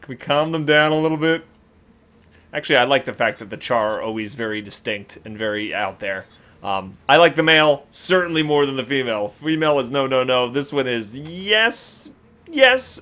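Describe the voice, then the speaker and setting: A man hosting a casual gaming video, reacting with animated exclamations and laughter. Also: medium pitch, brisk, smooth. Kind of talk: casual game commentary.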